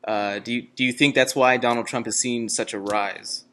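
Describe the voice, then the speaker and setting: A man's voice: mid-range voice, fairly even intonation, normal speed, a bit bright. A man asking interview questions hesitantly, with many filler words.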